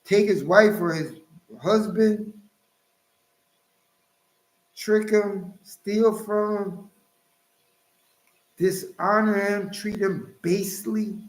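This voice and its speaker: A man's voice: high voice, fairly even intonation, drawn-out words, long pauses. A man hosting his own channel, preaching emphatically and scolding his listeners as he cites scripture. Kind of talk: preaching commentary. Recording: roomy echo.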